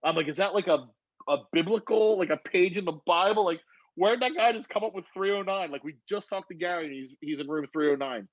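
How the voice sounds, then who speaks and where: Guy rambling a wild story over a zoom call, kinda high voice, muffled dry sound. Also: a little fast, no echo. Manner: rambling, profane, animated retelling. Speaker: guest storyteller. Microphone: phone on video call.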